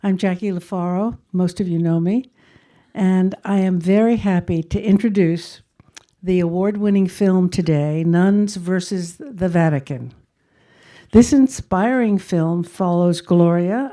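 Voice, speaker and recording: A woman's voice: on the low side, measured pace, warm tone. A woman hosting a documentary festival, formally welcoming the audience and introducing a director. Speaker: festival host. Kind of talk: welcome speech.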